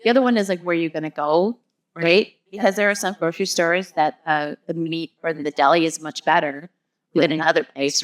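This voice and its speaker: Woman, low voice, casual interview guest, explains through analogies, lots of "like". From US Midwest. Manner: explains in long strings of everyday analogies, frequent "like" and "you know". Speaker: guest, marketing business founder.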